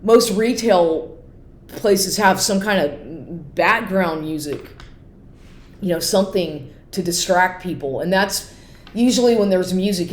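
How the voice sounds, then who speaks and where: A woman's voice: on the low side, echoey room. A woman talking casually in a rambling monologue, full of "like" fillers.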